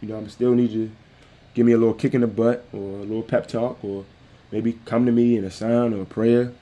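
Man, podcast host, low-pitched, mellow dark voice, heartfelt repetitive delivery. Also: flat delivery, a little fast. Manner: heartfelt, repetitive, preacher-like cadence. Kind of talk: personal tribute monologue.

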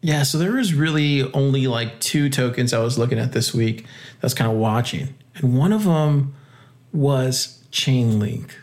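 A man hosting a casual crypto podcast, hyped and joking, laughing often and jumping into high exclamations. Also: moderate pace, darkish tone. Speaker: podcast host.

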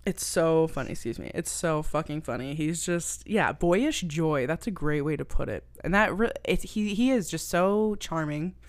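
A woman's voice: low-pitched, moderate pace, few pauses, dry recording. A woman co-hosting a casual movie-review podcast, swearing freely and acting out scenes with energy. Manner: profane, energetic, acts out scenes. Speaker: podcast co-host.

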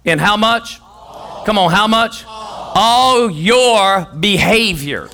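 In a church sanctuary, a male pastor preaches with energy and humor, calling on the congregation to answer him. His voice is high and his pace slow.

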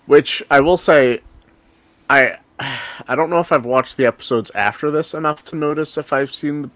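A man hosts a casual podcast, talking through a plot recap in a relaxed, filler-laden way. His voice sits at a middling pitch and is recorded dry, with almost no room sound. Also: moderate pace, no echo. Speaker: podcast host.

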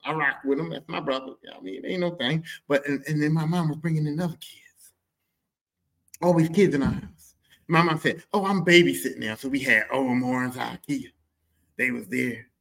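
A man hosting a podcast, telling comedic stories about his family in a profane, rambling, animated way. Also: a little high, moderate pace, creaky. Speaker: podcast host. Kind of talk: comedic personal storytelling.

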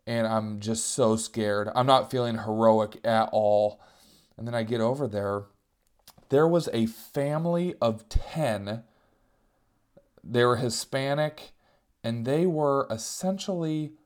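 A man telling a comic story about himself, animated and self-mocking, sometimes jumping into higher voices to act out what people said. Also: measured pace. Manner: self-mocking, animated, jumps into squeaky voices for quoted cries.

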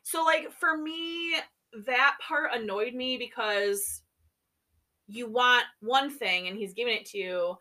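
Opinionated woman with a bright, high voice. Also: slow pace. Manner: opinionated and exasperated, scolding the characters. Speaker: book discussion co-host. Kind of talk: casual book chat.

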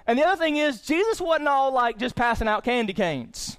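A male pastor giving a lively sermon with a high-pitched voice. He moves from quiet, conversational stretches into loud, excited bursts, often restarting phrases and repeating words. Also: a little fast, smooth.

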